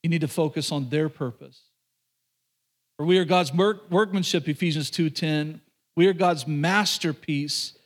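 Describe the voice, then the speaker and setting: High-voiced pastor preaching conversationally. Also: male voice, measured pace. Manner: conversational, joking asides with repetitions and restarts. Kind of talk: sermon.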